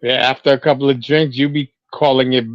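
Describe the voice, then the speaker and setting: A man's voice: mid-range voice, level tone, a little fast, no echo. A man co-hosting a sports podcast in casual chat, blunt and teasing, with lots of swearing. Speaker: podcast co-host. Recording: dry, dull lo-fi sound.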